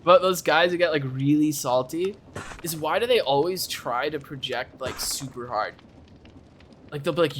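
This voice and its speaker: A man's voice: fairly high pitch, moderate pace, fairly bright tone, a little hiss or hum. A young man streaming live, chatting casually and ranting animatedly, often breaking into laughter. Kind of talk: casual chat.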